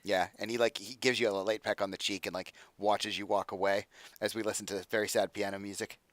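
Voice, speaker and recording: A young man narrating as game master, casual and halting with fillers. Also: lowish voice, level tone, dry recording.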